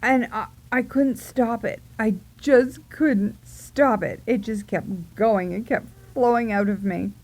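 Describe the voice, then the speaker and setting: Slow-talking giggly woman telling a story. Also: a little high. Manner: animated, giggly, acts out her own reactions. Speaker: vlogger. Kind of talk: casual storytelling.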